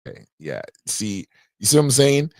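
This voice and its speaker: A man's voice: medium pitch, huge pitch swings, normal speed. A man hosting a livestream podcast from a home podcast room, chatting loosely and jokingly with slang. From Canada. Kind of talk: casual livestream chat.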